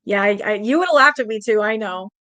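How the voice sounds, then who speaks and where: Fast, bright and forceful, her medium-pitched voice carries the livestream as the Canadian host reads aloud and chats loosely with viewers. She laughs often and swears freely.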